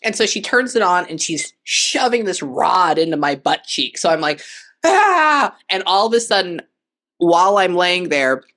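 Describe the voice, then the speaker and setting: A woman psychic medium, telling animated stories in a casual podcast chat. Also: fairly low pitch, normal speed. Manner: animated, acts out voices in stories.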